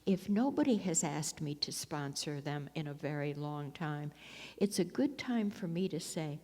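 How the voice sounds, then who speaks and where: A woman's voice: low voice, dark tone. A woman giving a personal talk at a recovery meeting, telling rambling stories with frequent laughs and restarts. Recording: long hall reverb.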